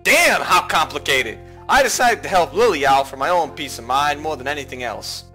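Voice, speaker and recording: A man reading a visual novel aloud for a playthrough, with lively, joking asides. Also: on the high side, moderate pace, faint music behind. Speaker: let's play narrator.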